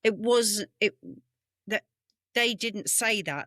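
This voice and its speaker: Her medium-pitched, fairly bright voice moves slowly as this British podcast co-host from England shares history tales, wandering and correcting herself in casual chat. She's in a home room on a video call using a webcam mic, and the sound is studio quality with no echo.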